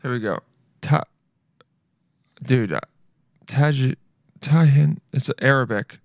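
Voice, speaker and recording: A man hosting a casual solo podcast, excitable and profane, thinking out loud as he talks. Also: mid-range voice, takes it slowly, creaky, dry recording, studio quality. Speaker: podcast host.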